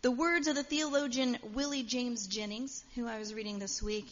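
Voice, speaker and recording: A woman's voice: a little high, steady tone, normal speed. Woman preacher in a reverberant hall. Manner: conversational storytelling with fillers. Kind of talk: sermon. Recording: dull sound with long hall reverb.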